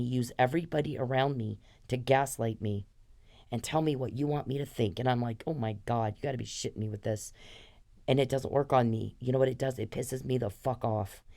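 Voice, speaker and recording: This is a fifties-aged woman's voice, extremely low and a little mellow, delivering a furious, profanity-laced podcast tirade aimed squarely at one person she blames.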